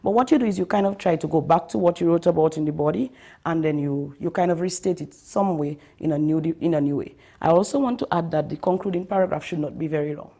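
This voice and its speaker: Woman teacher, creaky low voice, mellow tone, recorded writing lesson, step-by-step explaining, checks in with okay?. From Dominica. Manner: stresses key terms by slowing down and lifting pitch. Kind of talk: recorded school lesson for pupils.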